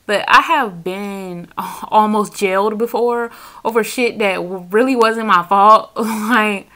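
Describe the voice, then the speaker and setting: A woman's voice: mid-range voice, slow, bright, forceful tone. A woman reading tarot in a casual, profane chat to camera, laughing often as she talks. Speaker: tarot reader. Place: seated indoors on a squeaky chair.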